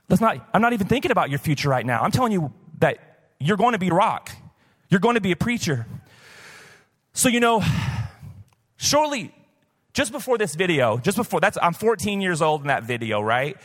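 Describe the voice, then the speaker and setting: Storytelling pastor in a reverberant church. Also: male voice, high voice, sing-song, fairly quick, a bit bright, slightly rough. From southern United States. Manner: conversational, personal storytelling with many "like" fillers. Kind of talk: sermon. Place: church, recorded live. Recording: live church hall reverb.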